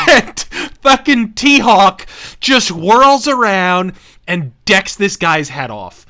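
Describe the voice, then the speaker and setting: Animated profane man telling a story. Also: high-pitched, drawn-out words. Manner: profane, animated, laughing anecdote. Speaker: host. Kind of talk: casual storytelling while gaming.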